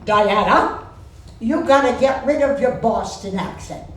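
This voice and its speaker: Shrill nagging mother, exasperated and loud, put on by an older woman, echoey theater, heard from a distance. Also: animated, a little slow. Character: scolding middle-aged Jewish mother. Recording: echoey theater, far from mic.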